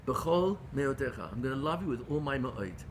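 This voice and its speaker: A man's voice: mid-range voice, expressive, fast, slight background noise. A man with an English accent teaching a Torah class in an earnest way, often restarting phrases. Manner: earnest, with many restarts and Hebrew terms.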